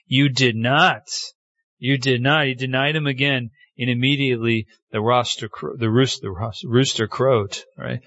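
A man's voice: no echo, dull audio. A man preaching a sermon, telling the story with feeling and acting out the quoted lines. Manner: animated storytelling, acting out quotes with pitch swings. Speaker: pastor.

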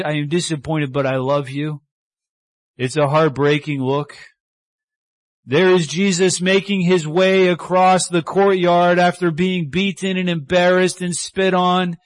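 A male preacher delivering a sermon with animated storytelling, dropping to a hushed tone for tender lines. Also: high voice, no echo.

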